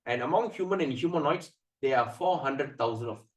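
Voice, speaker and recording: A man giving a scripture class, chanting verses slowly and then explaining them animatedly with many fillers. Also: mid-range voice, expressive. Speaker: spiritual teacher. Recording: echoey room, mic at a distance.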